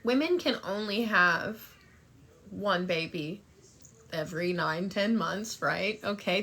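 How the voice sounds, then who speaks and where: A woman's voice: fairly high pitch, normal speed, fairly bright tone. A young woman telling a story and chatting on a phone livestream, brash and profane, thanking viewers for gifts. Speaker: TikTok live streamer.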